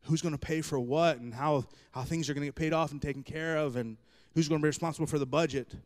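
Animated joking male pastor. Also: a little high, quick pace. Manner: animated storytelling with self-deprecating jokes. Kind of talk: humorous sermon.

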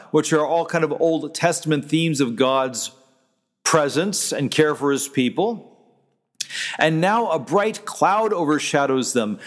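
A man's voice: a little high, in a large hall. A man, a pastor, preaching a sermon in a conversational way, stopping to restart and quoting scripture.

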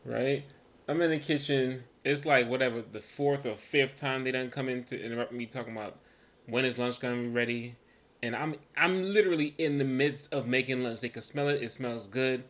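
A man's voice: medium pitch, normal speed. A man in his thirties or forties, co-hosting a podcast in casual chat, telling stories with slang and frequent laughter. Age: 30s or 40s. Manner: laughing storyteller, slangy and animated. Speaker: podcast co-host.

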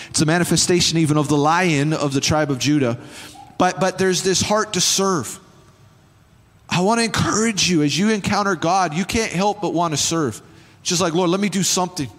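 A male pastor preaching a sermon, repeating phrases and building to fervent exhortation. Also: high voice. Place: church sanctuary. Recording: church hall reverb with faint music.

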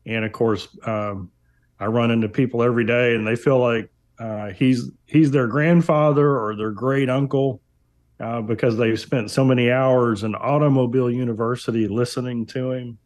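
A man speaking as a guest on an interview podcast, reflecting in a measured way with frequent fillers and repeated words. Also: mid-range voice, steady tone, darkish tone. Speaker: guest, business owner. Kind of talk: interview conversation.

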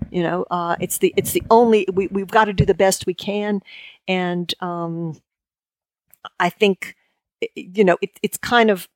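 Woman, lowish voice, halting. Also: no room sound, clean studio sound. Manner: halting, frequent restarts and fillers. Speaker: guest lexicographer. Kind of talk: conversational interview.

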